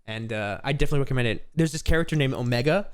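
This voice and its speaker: A young man co-hosting a casual podcast, laughing often and dropping low and soft. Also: very fast, smooth. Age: young adult. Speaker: podcast co-host. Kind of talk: casual chat.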